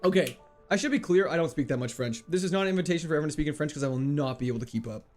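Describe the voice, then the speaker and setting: A man's voice: on the high side, racing, faint music behind. A man streaming a video game live, chatting casually and playfully as he reads out chat and laughs often. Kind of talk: casual live gameplay commentary, reading chat.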